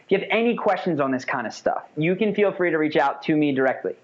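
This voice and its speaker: A man teaching an online course in a casual, energetic way, sometimes demonstrating how his voice changes. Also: a little high, fast. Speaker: course instructor. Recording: slightly dull lo-fi audio.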